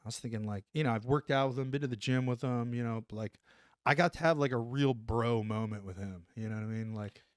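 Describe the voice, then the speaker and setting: A man and former Army Ranger tells a story from his service days in a loose, profane, animated way, jumping into the voices of the people in it. His voice sits at an ordinary pitch. The recording is close and dry. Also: fairly quick, clean tone, no echo. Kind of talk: casual storytelling interview.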